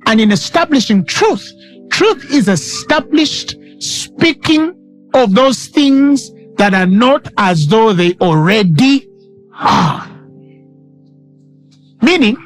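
A man preaching a sermon with emphatic delivery, repeating lines for stress and quoting scripture dramatically. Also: high voice.

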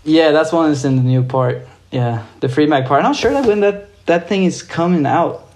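Young man from Norway, slightly high voice, excited casual storytelling, lots of swearing. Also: normal speed. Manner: excited, swears freely, many fillers. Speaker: guest skateboarder.

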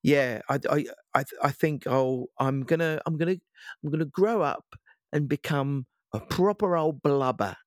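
A man's voice: fairly high pitch, a little slow, no room sound, clean studio sound. A man in casual podcast chat, talking reflectively and hesitantly. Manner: reflective, hesitant, many restarts. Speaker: podcast co-host.

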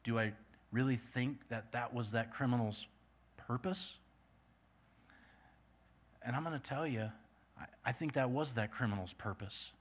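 A man's voice: medium pitch, measured pace, long pauses. A male pastor preaching and praying in an earnest manner, building his points through repeated lists. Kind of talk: sermon.

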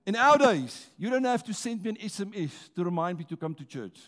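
A man preaches a sermon in church with a distinctly high, fairly bright, sing-song voice at a fairly quick pace. He stirs the congregation through call-and-response, stretching his key words with rousing, emphatic force.

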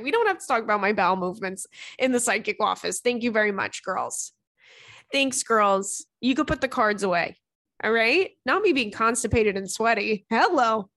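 A woman's voice: fairly high pitch, expressive, normal speed, a bit bright, no room sound, studio quality. A young woman hosting a podcast in casual chat, talking frankly and chattily and swearing freely. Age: young adult. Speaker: podcast host.

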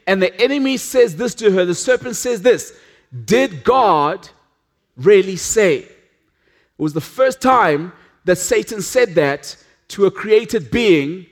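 High-voiced male pastor preaching earnestly. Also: animated, unhurried. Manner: earnest, with frequent restarts and dramatic drops to a hush. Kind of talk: sermon.

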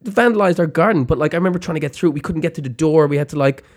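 A man's voice: fairly high pitch, rapid-fire. A man, a guest in a casual chat, telling rambling stories with lots of fillers and laughs.

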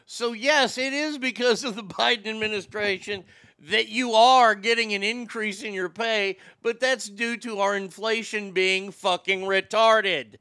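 Sarcastic high-voiced man. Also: fairly even intonation, unhurried, sharp tone, smooth, no room sound. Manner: sarcastic, profane, mocking. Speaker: show host. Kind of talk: crude political commentary.

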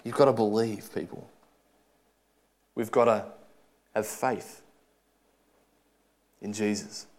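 A man preaching a sermon, earnest, swinging from loud urging to soft, quiet asides. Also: fairly low pitch, fairly even intonation, slow pace, long pauses.

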